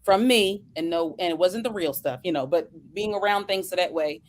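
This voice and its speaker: Casting note: woman voice actor, guest on a chat podcast, earnest and grateful, slightly low voice, quick bursts. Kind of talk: casual chat. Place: home studio setup for voiceover work.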